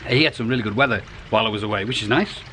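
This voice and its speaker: This koi pond vlogger, a middle-aged man from the United Kingdom, rattles along at a racing pace in a lowish voice. Chatting casually to camera by his garden pond, he rambles and keeps restarting what he says, with background noise audible.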